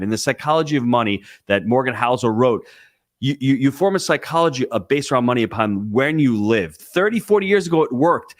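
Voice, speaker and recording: A man speaking on a conference panel, explaining investing with an energetic, emphatic coaching tone. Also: mid-range voice, no room sound, studio quality. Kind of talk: live panel talk. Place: conference stage.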